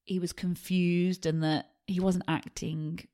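A woman's voice: fairly low pitch, flat delivery, takes it slowly, mellow. Chatty woman telling a crime story. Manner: chatty, laughing, acts out quotes in voices. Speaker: podcast co-host. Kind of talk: casual true-crime storytelling.

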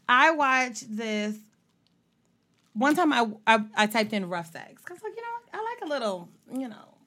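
A young woman co-hosting a podcast, telling stories bluntly in a casual, animated chat. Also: on the high side, unhurried, pauses often. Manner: blunt, animated storytelling with profanity. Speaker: podcast co-host.

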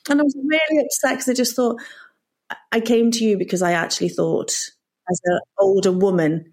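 A woman in her forties, a mother, candidly telling her story as a podcast guest in a halting way with restarts and nervous laughs. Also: medium pitch, fairly even intonation, a little mellow.

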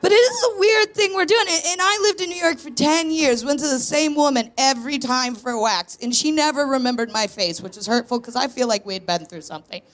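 A woman's voice: high-pitched, brisk, hardly any pauses, fairly bright tone. A woman in her thirties doing a frank, self-mocking stand-up comedy set on a live stage. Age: 30s. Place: live stage in a tent before an audience.

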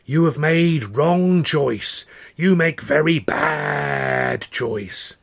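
A man putting on a rasping ancient fortune-teller woman. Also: on the high side, pitched above the performer's own voice, heavily acted. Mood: wailing. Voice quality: harsh, rasping. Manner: broken, halting speech, slow wailing pronouncements. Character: ancient female fortune-teller, harsh and ominous.

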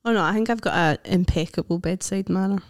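A young Scottish woman co-hosting a casual podcast chat, giggly and chatty, with quick asides. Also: medium pitch, dry recording, clean studio sound. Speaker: podcast co-host.

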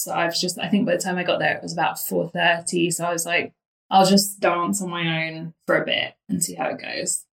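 A woman from London telling a story about herself in a casual way, lively, often laughing and acting out what she said back then. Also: lowish voice, vocal fry, reverberant, rough recording. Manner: animated, laughing, acts out her own past lines.

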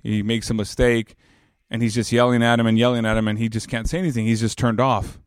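With a clear, resonant, medium-pitched voice, level tone and quick pace, a man in his thirties earnestly recounts an emotional personal story, with no echo. He rambles and restarts frequently, becoming louder and more forceful as he makes each point.

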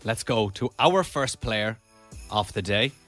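A man's voice: lowish voice, lively intonation, a bit bright, faint music behind. An Irish man hosting a radio show, bantering playfully and teasing his co-host. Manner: playful, jokey, quick to tease.

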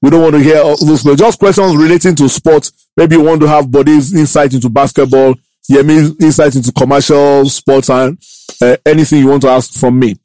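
Male sports podcast host, fairly high voice, dry close sound, animated and joking. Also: no echo, low-quality recording. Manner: animated, playful, quick questions. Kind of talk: casual sports podcast chat.

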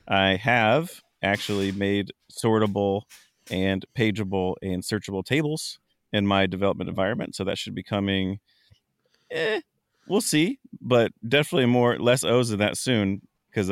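A man with a lowish voice chats loosely on a gaming podcast, full of ums and restarts. The sound is dry and close, with no room around it. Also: no room sound. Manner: rambling, lots of ums and fillers. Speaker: podcast co-host. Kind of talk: casual podcast chat.

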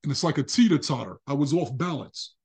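A man, a podcast guest, telling a candid personal story in an animated way. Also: fairly quick, breathy edge. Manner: animated, acts out quoted dialogue with big pitch jumps.

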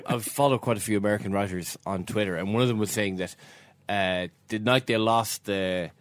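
Laid back guy musing, lots of you know and uh, lowish voice. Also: brisk, dry recording. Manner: relaxed, reflective with many fillers. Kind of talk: casual chat.

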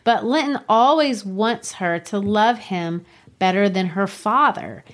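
A woman's voice: mid-range voice, expressive, slow pace. A woman co-hosting a podcast, chatting casually about a book and laughing often. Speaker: podcast co-host.

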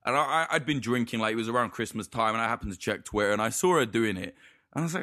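A man's voice: medium pitch, animated, quick pace, sharp tone, no echo, studio quality. A man in casual podcast chat, telling stories in a rambling, profane way full of false starts.

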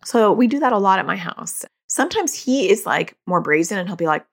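A woman's voice: medium pitch, animated, a little fast, gravelly, breathy edge. A woman hosting a podcast, explaining in a casual conversational way and acting out dialogue in quoted voices. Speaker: podcast host; parent.

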